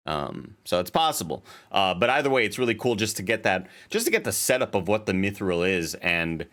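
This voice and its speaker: Deep-voiced man rambling through a TV recap. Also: sing-song, brisk, a bit bright. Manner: rambling, profane, many fillers and restarts. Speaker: podcast co-host. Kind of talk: casual chat recapping a TV episode.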